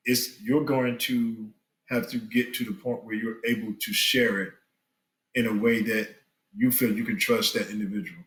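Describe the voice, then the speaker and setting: A middle-aged man giving earnest relationship advice on a podcast, with animated, preacher-like emphasis. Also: lowish voice, roomy sound, low-quality recording. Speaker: guest, spiritual father. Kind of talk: candid podcast conversation.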